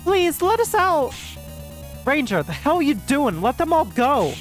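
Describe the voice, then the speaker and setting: A woman's voice: high-pitched, big pitch swings, unhurried, faint music behind, voice pushed up, low-quality recording. Woman reading a defiant young heroine.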